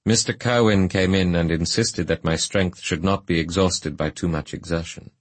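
A man's voice: sits low, steady tone, normal speed, no room sound. A man reading a classic novel aloud as solemn, earnest first-person narration. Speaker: audiobook narrator.

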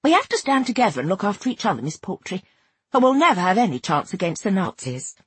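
A woman voicing a brisk, kindly wartime village woman who speaks earnestly. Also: mid-range voice, big pitch swings, slightly rough, no echo.

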